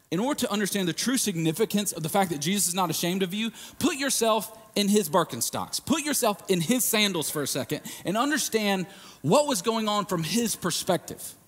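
A man preaching a sermon in a casual, emphatic way, swinging from hushed lines to shouted ones. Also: high voice, in a large hall.

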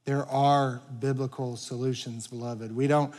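A man preaching a sermon as pastor, earnest, swelling louder and dropping to quiet emphasis, in a church sanctuary. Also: medium pitch, little pitch movement, unhurried. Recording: long reverb of a large hall.

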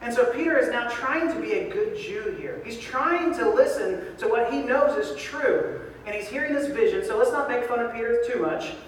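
A man preaching a sermon as pastor, lively and joking, recorded from a distance in a large church hall. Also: very high-pitched, moderate pace, slight background noise. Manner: lively, joking preacher who acts out voices. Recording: echoey hall from far off.

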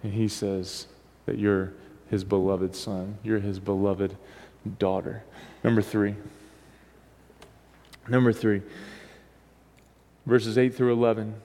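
A man's voice: lowish voice, flat delivery, slow pace, pauses often, warm tone. A man preaching a sermon as pastor, talking casually and often asking the congregation for responses. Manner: conversational, asks the congregation for responses. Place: church. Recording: long hall reverb.

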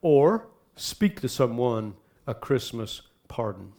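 A man preaching a sermon as pastor, dropping to soft asides and then climbing into loud, urgent exhortation. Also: mid-range voice, very animated, slow pace, creaky.

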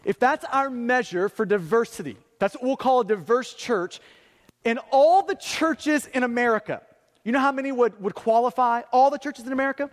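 A man's voice: very high-pitched, moderate pace, in a large hall. A male pastor in his thirties preaching a sermon earnestly, asking rhetorical questions and repeating key phrases for emphasis. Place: church sanctuary.

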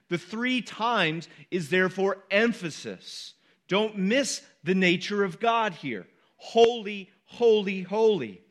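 High-pitched guy preaching, middle-aged, keeps hammering words for emphasis, chatty asides to the crowd. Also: sharp tone. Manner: emphatic, repeats key words with rising force; conversational asides to the congregation. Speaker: pastor. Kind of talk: sermon.

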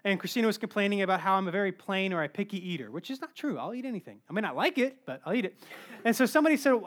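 A man in his thirties preaching a sermon, telling funny stories in an animated, joking way. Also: sits high, racing. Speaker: pastor.

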